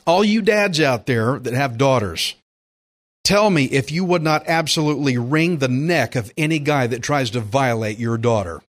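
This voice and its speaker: A man's voice: mid-range voice, moderate pace. An older man teaching through the Bible as a pastor, folksy and emphatic, acting out quotes as he goes.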